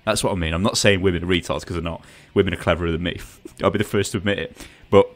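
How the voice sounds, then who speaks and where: Podcast host, excitable sarcastic rants, headset voice chat with faint background music. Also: male voice, low-pitched, fast. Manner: animated, sarcastic ranting. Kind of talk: casual ranting chat.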